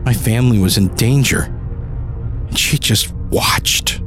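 A man's voice: mid-range voice, unhurried, over music. A man narrating a first-person audio drama, turning desperate and pleading in his own lines. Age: adult. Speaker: narrator and lead character.

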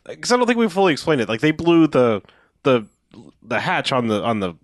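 A man's voice: medium pitch, fairly quick, dry recording, studio quality. A man casually retelling a film's plot, acting out the characters' lines with swearing and fillers. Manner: animated storytelling, acts out characters' lines. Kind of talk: casual movie recap chat.

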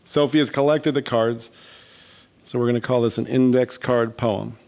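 A man's voice: mid-range voice, steady tone, moderate pace, creaky, darkish tone. Chatty man hosting a live stage show. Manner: chatty and self-deprecating, reading out cards. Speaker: show host. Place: stage before a live audience.

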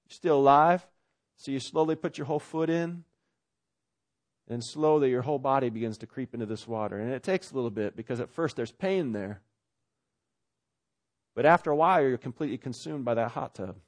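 A pastor delivers a sermon in an easy, chatty way. His voice sits a little high for a man. He pushes to loud, urgent peaks, then falls back to soft, low asides. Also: lively intonation, fairly quick. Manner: conversational preaching with sudden loud swells and quiet drops.

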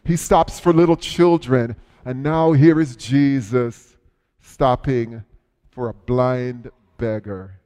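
A man preaching a sermon in a church, retelling a story with dramatic swings between loud cries and hushed words. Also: mid-range voice, slow pace, clear, resonant tone, long reverb tail. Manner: storytelling, dramatic shifts in loudness and pace. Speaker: pastor.

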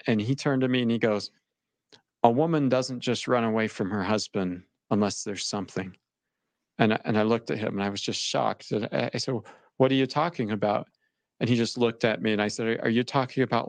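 Man, young, low voice, gravelly, halting, dry close sound. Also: no room sound. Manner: halting, repeats words, shaken. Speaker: interviewee recounting his experience. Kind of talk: emotional personal account.

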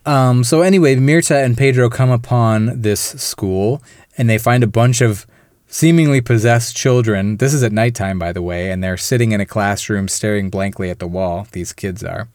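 A man's voice: fairly low pitch, moderate pace, a little mellow, clean tone, no room sound, studio quality. A man co-hosting a casual film podcast, retelling a plot in detail and acting out the characters' lines. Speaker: podcast co-host.

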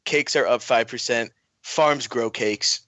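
A man's voice: mid-range voice, takes it slowly, pushed and bright, no room sound. A man doing an impression of a boastful, rambling male president giving a grandiose speech.

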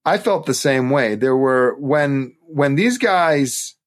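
A man's voice: medium pitch, lively intonation, slow pace. A man co-hosting a podcast, in a casual film discussion, thoughtful and analytical, often restarting his sentences. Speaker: podcast co-host.

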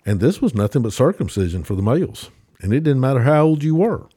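A man's voice: mid-range voice, big pitch swings, fast talker, warm tone, breathy edge. A man with a Southern US accent explaining a religious topic as a podcast guest, with many restarts and fillers. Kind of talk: casual theological discussion.

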